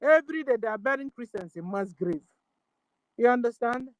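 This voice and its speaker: A woman's voice: fairly high pitch, expressive, moderate pace, no echo, poor audio. A Nigerian woman speaking with preacher-like fervor. She fires off rhetorical questions and repeats her calls again and again, slipping into Igbo lines. Her voice sits mid-range and sounds dry and close, with no room around it. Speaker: guest speaker. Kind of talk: impassioned call-in discussion.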